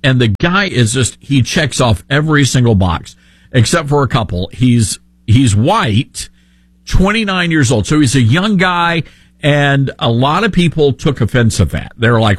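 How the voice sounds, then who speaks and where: A man's voice: medium pitch, lively intonation, measured pace, no room sound. A man with a Southern accent hosting a talk radio show, sarcastic and opinionated.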